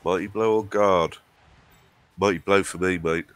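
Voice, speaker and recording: A man's voice: low-pitched, fairly even intonation, a little slow, fairly bright tone, clean tone. A man from England with a cold, co-hosting a live stream in casual, jokey banter. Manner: chatty, banter with jokey asides. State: has a cold. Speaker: stream co-host.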